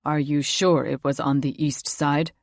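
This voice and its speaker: A woman narrator voicing grave male werewolf chieftains in an audiobook, low and steady. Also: unhurried, no echo, clean studio sound.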